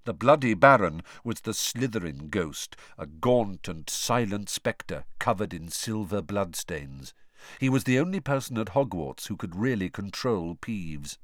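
A man narrating an audiobook in an expressive storytelling manner. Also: fairly low pitch, unhurried, no room sound, studio quality. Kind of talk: scripted narration.

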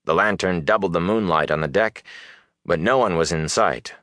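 A man narrating a fantasy audiobook with expressive, lively storytelling. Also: low voice, normal speed, no room sound, studio quality.

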